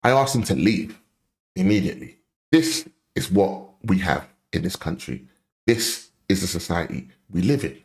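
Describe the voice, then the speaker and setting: With a low, gravelly voice that swings widely in pitch, a commentary host rants at a normal speed in reaction to a clip. Blunt and impassioned, he keeps repeating points to drive them home.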